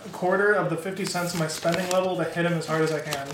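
A man's voice: on the high side, fairly even intonation, fast. A man playing his character in a tabletop game, blunt and teasing. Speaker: player. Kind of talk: in-character play, casual. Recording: echoey room with noise.

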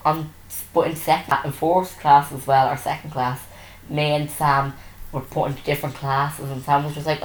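Woman, podcast host, deep-ish voice, rambly casual chat, roomy room sound. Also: little pitch movement, moderate pace. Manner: rambling, self-interrupting storytelling with many fillers. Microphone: desk microphone.

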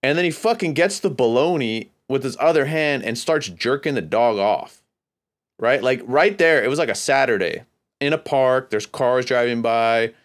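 A man with a smooth, resonant voice tells a story on his podcast. He rambles along in a casual, laid-back way and swears freely. His pitch sits in an ordinary middle range. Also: normal speed. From California, USA. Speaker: podcast host.

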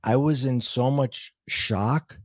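A man's voice: mid-range voice, takes it slowly, dry recording, studio quality. A middle-aged man, a guest on a podcast, earnestly telling a personal story and acting out his own past words. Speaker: guest, intuitive and author.

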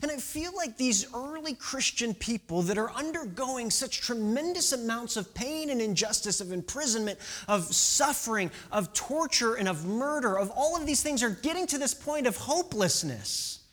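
A preacher giving a casual, conversational sermon with a lively, swooping pitch. They keep asking the congregation rhetorical questions and now and then sink into a hushed whisper to stress a point. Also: normal speed, hardly any pauses. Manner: animated, rhetorical questions, drops to whispers for emphasis.

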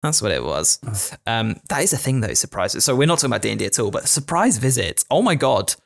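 A chatty man from England co-hosts a relaxed podcast, talking at an ordinary middle pitch. He rambles and jokes, trips over his words and fills gaps with ums and likes. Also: quick pace, gravelly. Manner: chatty, jokey, lots of fillers and restarts. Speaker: podcast co-host. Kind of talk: casual chat. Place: indoor podcast recording. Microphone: podcast microphone.

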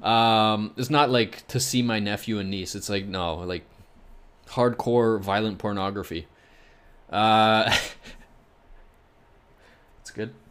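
A man's voice: on the low side, takes it slowly, long pauses, a bit bright, clear, resonant tone. A man hosting his own podcast alone, making fight predictions in a rambling, joking way with lots of fillers. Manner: rambling, joking, heavy on "you know" fillers. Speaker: podcast host.

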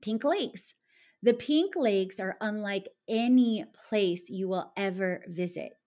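A woman's voice: medium pitch, animated, slow, mellow. A woman travel vlogger running through a numbered list of trips in an upbeat, enthusiastic way, now and then correcting herself. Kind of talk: travel list vlog narration.

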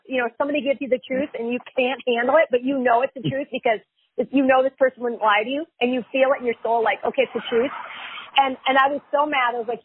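A woman's voice: high voice, fairly even intonation, fast talker, husky, dry recording. A woman, a chiropractor and life coach, telling her story candidly and emphatically in an interview, with frequent fillers and repetitions. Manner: emphatic, repeats herself, many fillers. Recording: phone-line audio.

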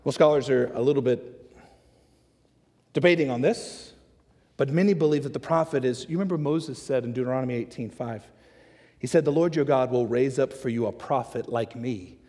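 A man preaching a sermon, acting out the questions and answers of the story with lively energy. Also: mid-range voice, normal speed. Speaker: pastor. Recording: long hall reverb.

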